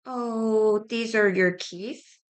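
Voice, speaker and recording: A woman whose first language is Korean, reading simple grammar practice sentences aloud, repeating each one with halting restarts. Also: on the high side, steady tone. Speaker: study-with-me streamer.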